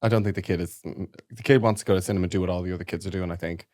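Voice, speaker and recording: A man's voice: low-pitched, fairly even intonation, racing, darkish tone, no room sound. Rambling man in a dry studio. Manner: rambling, anecdotal, trails off. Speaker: podcast co-host. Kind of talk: casual comedic chat.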